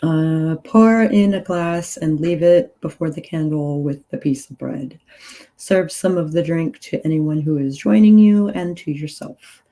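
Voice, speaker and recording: A groggy woman leading a ritual on a casual livestream, reading prayers aloud in an unhurried way with loose asides. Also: low-pitched, dark tone, low-quality recording. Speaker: ritual leader and tarot reader.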